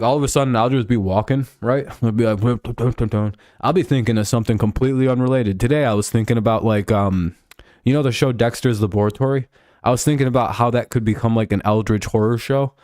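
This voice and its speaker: A man's voice: lowish voice, a little mellow, dry recording, studio quality. A man streaming live, talking football in a rambling, profane way with lots of fillers and restarts. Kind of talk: casual live-stream sports chat.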